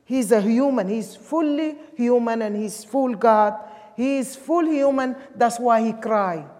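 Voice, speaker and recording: Slow-preaching woman, echoing hall. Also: fairly high pitch, a little mellow. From Sudan. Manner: emphatic, with non-native English grammar. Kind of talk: sermon. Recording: long hall reverb.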